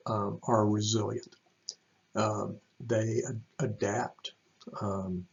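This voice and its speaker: A man's voice: on the low side, vocal fry, a little mellow, highs cut off. A man from a church staff giving casual advice to parents in a video, rambling with many ums and restarts.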